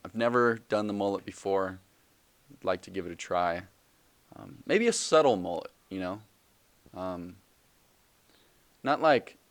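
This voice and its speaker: A man's voice: fairly low pitch, fairly bright tone, no room sound. A young man hosting a solo podcast, talking casually and rambling with jokes, fillers and self-corrections. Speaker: podcast host.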